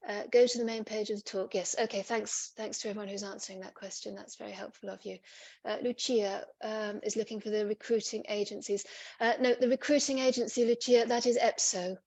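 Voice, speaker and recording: A woman's voice: mid-range voice, fairly even intonation, a little fast, darkish tone, no room sound. A woman presenting on a video call, reading out audience questions and answering them patiently. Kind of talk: online webinar Q&A.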